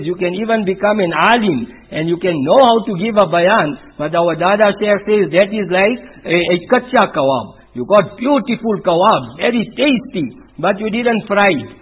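Man, religious talk, storytelling, husky high voice, tinny phone-like recording. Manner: storytelling, mixes Urdu religious terms into English. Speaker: speaker at a spiritual retreat.

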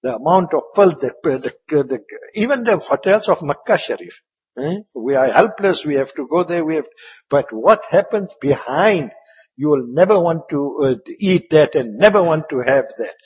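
A man giving an Islamic religious talk with stories, rambling and repeating words, sometimes dropping into soft asides. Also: fairly high pitch, lively intonation, normal speed, breathy edge. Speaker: Islamic preacher. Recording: muffled, echoey hall.

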